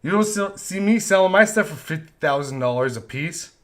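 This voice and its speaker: A man's voice: high voice, animated, a little fast. A man ranting on a live stream, frustrated and profane, often repeating himself. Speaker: live stream host, vector artist.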